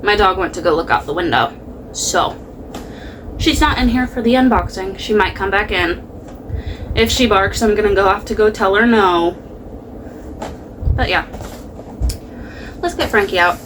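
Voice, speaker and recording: A woman's voice: mid-range voice, moderate pace, pauses often, background noise. A woman hosting a doll unboxing at home, chatting casually and rambling. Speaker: doll unboxing channel host.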